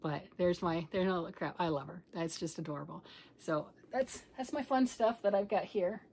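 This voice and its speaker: A woman's voice: lowish voice, moderate pace, darkish tone, slight background noise. A grandmother in her later years chatting casually about yarn in a rambling, self-mocking way. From United States. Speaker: yarn crafting vlogger. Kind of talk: casual chat.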